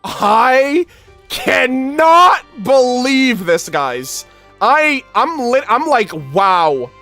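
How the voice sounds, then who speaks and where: A streamer giving live game reaction commentary, excitable and exclamatory, talking straight to chat. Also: high-pitched, extremely slow, faint music behind.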